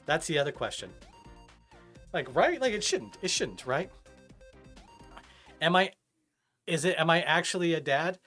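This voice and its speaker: A man's voice: on the high side, measured pace, long pauses, faint music behind. A man streaming a game live, chatting casually and reading and answering his chat as he plays. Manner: animated, chatty, reads chat aloud.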